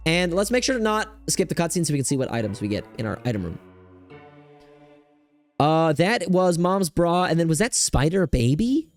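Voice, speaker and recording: A young man giving casual gameplay commentary as a streamer, rambling and excitable with lots of fillers. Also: fairly high pitch, moderate pace, soft background music. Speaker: gaming streamer.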